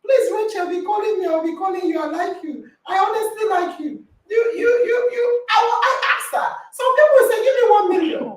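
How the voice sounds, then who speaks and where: A woman hosting an online podcast call, telling a story with animated reenacted dialogue and laughter. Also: extremely high pitch, fairly quick, hardly any pauses, recorded from a distance, a little hiss or hum. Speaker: podcast host. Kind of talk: lively online group call chat. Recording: roomy echo, voice from off-mic.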